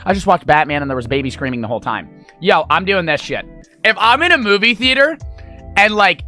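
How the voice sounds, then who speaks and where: A man's voice: sits high, big pitch swings, brisk, pushed and bright, faint music behind. A young man streaming, telling a rambling, profane story to his chat. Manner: rambling, profane, full of fillers.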